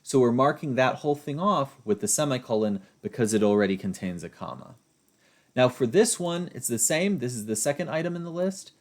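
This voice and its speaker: A man's voice: medium pitch, lively intonation, fairly quick. A man lecturing as a writing instructor, explaining through examples and often checking in with a rhetorical "right?".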